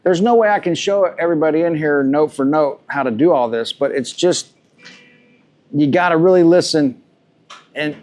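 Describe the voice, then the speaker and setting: A man teaching a live guitar masterclass, talking loosely and repeating himself as he thinks aloud between demonstrations. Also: on the high side. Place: room with a live audience. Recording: guitar music loud behind the voice.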